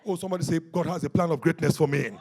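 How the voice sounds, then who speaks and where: A pastor preaching a rousing sermon at a church service, calling out to the congregation and often shouting. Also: male voice, fairly high pitch, fairly even intonation, rapid-fire, slight background noise.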